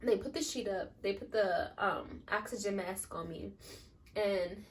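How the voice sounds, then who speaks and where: A woman's voice: medium pitch, a little slow, far from the mic. A young woman telling a personal story in a rambling, chatty way, leaning on "like" a lot. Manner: chatty, rambling, leans on filler "like". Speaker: new mother vlogger. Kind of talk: casual storytelling.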